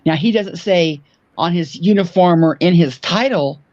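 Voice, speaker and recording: A man chatting as a guest on a livestream, halting and restarting his words as he talks. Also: high voice, a little mellow, dull audio. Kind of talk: casual chat.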